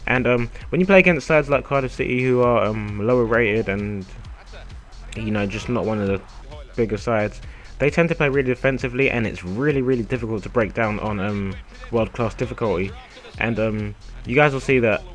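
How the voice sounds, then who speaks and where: Male gaming commentator, slightly ill and raspy, casual and chatty, rapid delivery with lots of fillers. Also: fairly low pitch. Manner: chatty, laid-back, many ums and uhs. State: a little ill, hoarse.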